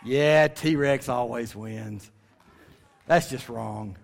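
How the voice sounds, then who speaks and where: Speaking very slowly in a gravelly, mid-range voice, this creation ministry speaker delivers a folksy, humorous talk to families and stretches words to stress them. There's background noise, and the large hall gives a long reverb.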